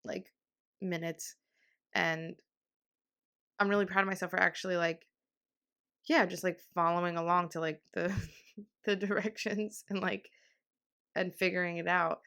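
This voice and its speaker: A woman's voice: on the low side, fairly even intonation, a little slow, pauses often, bright, forceful tone. A young woman in her twenties hosting a casual solo podcast, rambling with lots of fillers and laughs, getting emotional. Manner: emotional, on the verge of tears. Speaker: podcast host.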